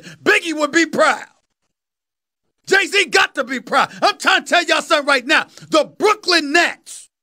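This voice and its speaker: This sports commentary monologue comes from a fifties-aged New Yorker working as a talk host, with a strikingly high-pitched voice that sounds bright and forceful. He drives his arguments home emphatically, repeating phrases like a preacher.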